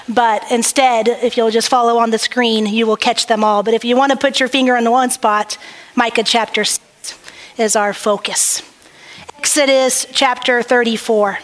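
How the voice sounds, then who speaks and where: High-voiced woman pastor preaching. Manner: earnest, lively storyteller. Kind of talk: sermon with prayer and storytelling. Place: church sanctuary. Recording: reverberant church hall.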